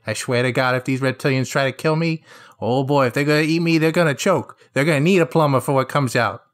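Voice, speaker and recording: A man playing in a tabletop role-play, joking and firing off questions. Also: medium pitch. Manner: joking, animated, rapid questions. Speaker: player.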